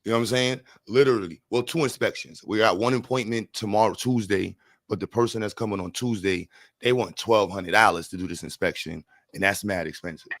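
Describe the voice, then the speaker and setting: Energetic New livestream host. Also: male voice, fairly low pitch, brisk, no room sound. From New York. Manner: energetic, repeats words, slangy, shouts out chat. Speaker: livestream host raising funds for a school. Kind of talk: casual livestream chat.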